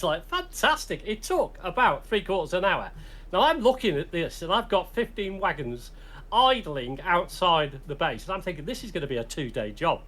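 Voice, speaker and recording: A British man hosts a casual podcast chat, his voice sitting high for a man. He tells stories in a loose, rambling way, often laughing and circling back to restart a sentence. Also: pushed and bright. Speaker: podcast host.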